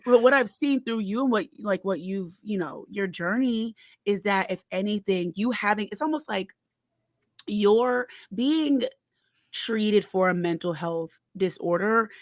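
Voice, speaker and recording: A woman's voice: mid-range voice, measured pace, dry recording. A young woman co-hosting a podcast, talking earnestly and reflectively, laughing often. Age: young adult. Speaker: podcast co-host. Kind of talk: casual candid chat.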